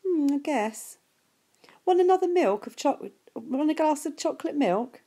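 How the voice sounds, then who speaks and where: Earnest ten-year-old boy, read by a woman in a warm, mellow voice, lightly raised and quick. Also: high voice, lively intonation, pitched above the performer's own voice. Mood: thoughtful.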